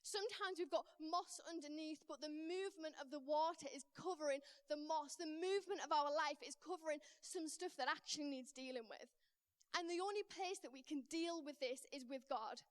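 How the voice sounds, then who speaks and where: A young woman preaching in a church, telling a funny personal story with lively, acted-out panic before turning it into a lesson. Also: high-pitched, moderate pace. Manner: lively storytelling, acts out her own panic.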